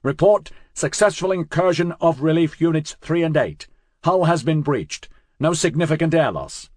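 A man's voice: fairly high pitch, animated, normal speed, a little mellow, dry recording, clean studio sound, voice pushed up. A man voicing a male military officer who gives a clipped, formal report over a muffled, static-lashed comm link, in an audiobook reading. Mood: crisp, urgent.

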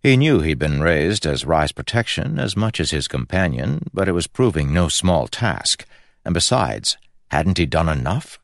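Deep-voiced guy narrating a fantasy book, steady reading, dry close sound. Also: moderate pace, gravelly, dry recording. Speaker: audiobook narrator. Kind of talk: scripted narration.

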